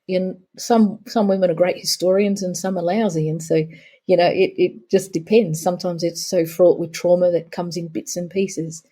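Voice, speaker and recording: A woman's voice: on the low side, fairly even intonation, normal speed, dark tone, breathy edge. A middle-aged woman, a guest on a podcast interview, telling stories about her work and acting out her talks with clients. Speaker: guest, pelvic therapist.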